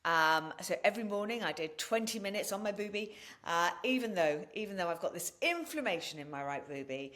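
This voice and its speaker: Blunt, animated woman telling her story. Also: medium pitch, fairly quick, hardly any pauses. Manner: blunt and animated, swears freely. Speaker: podcast guest and wellness practitioner. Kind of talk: candid interview storytelling.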